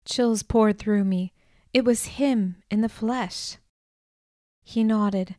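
Woman narrator for a novel reading, unhurried and even, mid pitch. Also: no echo, clean studio sound. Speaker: audiobook narrator. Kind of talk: scripted first-person audiobook narration.

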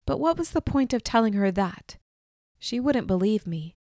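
A woman reading a novel aloud in first person, measured and expressive. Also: mid-range voice, no echo, studio quality. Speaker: audiobook narrator. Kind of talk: first-person storybook narration.

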